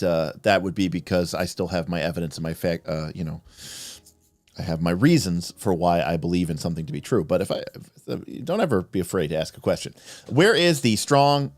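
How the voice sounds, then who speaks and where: A man with a lowish voice hosts a casual livestream, rambling through viewer questions with plenty of fillers, restarts and chuckles. His voice sounds dry and close, with faint music underneath. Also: a little mellow, no room sound. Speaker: livestream host.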